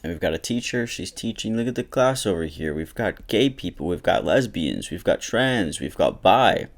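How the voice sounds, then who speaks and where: A man's voice: deep voice, very animated, moderate pace. A young man casually reacting to online comments and memes with sarcastic, joking asides.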